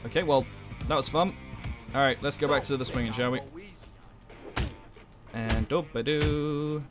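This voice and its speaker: A young man hosting a let's play, commenting in an animated, jokey way and swearing a lot. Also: mid-range voice, fast talker. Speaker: gaming channel host. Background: game music.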